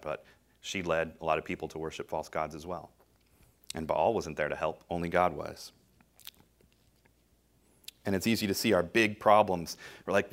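A middle-aged man preaching a sermon, swinging between loud emphatic bursts and quiet, low phrases.

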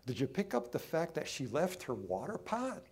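A man preaching a sermon, emphatic, swinging between loud lines and hushed ones, drawing some phrases out. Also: a little high, wildly swooping pitch, normal speed, husky. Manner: acts out quoted voices in his own voice.

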